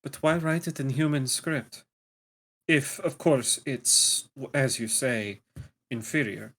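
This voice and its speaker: A man's voice: mid-range voice, slow pace, a bit bright. A man playing a tabletop role-playing game, speaking hesitantly and stumbling over words as he questions. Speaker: player.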